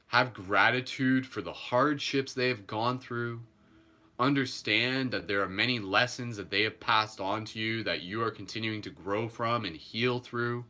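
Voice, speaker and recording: A man hosting a live guided meditation, speaking gently and calmly with playful asides. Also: on the low side. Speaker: meditation host.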